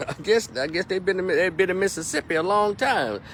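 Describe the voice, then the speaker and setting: A middle-aged man, a movie reviewer in a casual vlog, retelling scenes in a rambling, animated way with plenty of profanity. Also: sits high, fairly quick, a little hiss or hum.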